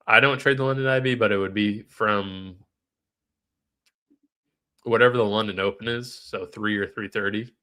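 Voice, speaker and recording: A man's voice: lowish voice, steady tone, moderate pace, long pauses, pushed and bright. A man with a nasal, stuffed-up voice, live-streaming trading commentary in a casual way, thinking aloud and answering chat questions.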